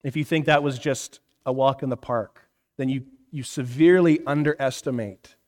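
This pastor in his thirties has a mid-range, darkish voice with fairly even intonation and a moderate pace. His interactive sermon, recorded in a reverberant hall, is full of questions to the congregation and frequent "right?" check-ins.

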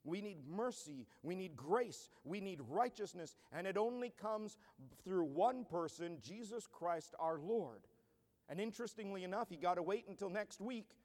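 A man's voice: high-pitched, darkish tone. A man pastor preaching a sermon in an earnest style that builds to emphatic declarations. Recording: long church hall reverb.

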